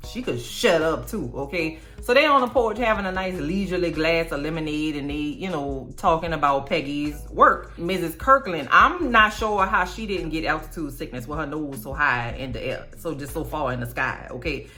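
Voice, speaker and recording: A young woman recaps a TV show in a sassy, slang-heavy way, her voice forceful and fairly low for a woman. Faint music plays behind her. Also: normal speed, few pauses. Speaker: TV recap vlogger. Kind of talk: casual TV recap commentary.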